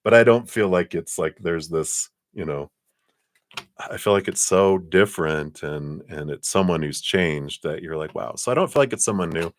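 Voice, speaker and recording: A man's voice: sits low, expressive, normal speed, no room sound, studio quality. A man doing a live-streamed tarot card reading, talking in a chatty, rambling way with frequent laughs and spiritual blessings.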